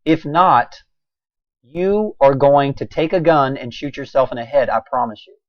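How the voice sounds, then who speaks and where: A man delivering a preachy, impassioned monologue, swinging between a raised voice and quiet intensity. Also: medium pitch, a little slow, no room sound, lo-fi sound. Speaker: video blogger.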